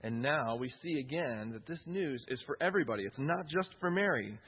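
Male preacher, husky voice, earnest and repetitive delivery, slightly dull lo-fi recording. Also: medium pitch, expressive, brisk. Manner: earnest, repeats key phrases for emphasis. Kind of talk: sermon.

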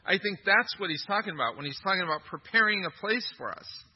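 Male pastor, sermon delivery, emphatic and questioning, breathy tone, dull lo-fi recording. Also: high voice, expressive, fast. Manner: emphatic, asks the congregation questions.

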